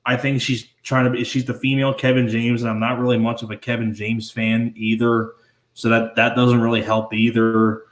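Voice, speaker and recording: A man's voice: mid-range voice, monotone, normal speed. Rambling man in an echoey room. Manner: rambling, repeats words, swears casually. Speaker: podcast co-host. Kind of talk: casual movie review chat. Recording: roomy echo.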